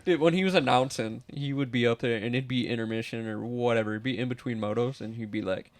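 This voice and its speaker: A man's voice: medium pitch, fast, a crowd in the background. A man, co-hosting a casual motocross podcast, telling laid-back stories with swearing and laughter. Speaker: podcast co-host. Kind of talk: casual chat.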